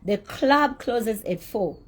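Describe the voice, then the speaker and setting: Woman, raised pitch, husky tone; candid celebrity monologue, indignant and profane. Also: animated, takes it slowly. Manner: blunt, indignant storytelling with profanity; emphatic repetition. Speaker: celebrity telling her side of a dispute.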